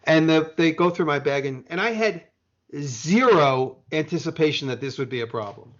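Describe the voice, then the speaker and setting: A man's voice: on the high side, lively intonation, normal speed, a bit bright, a little hiss or hum. An American man telling a long rambling story in casual podcast chat, swearing now and then, with dull lo-fi sound. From United States. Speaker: podcast guest.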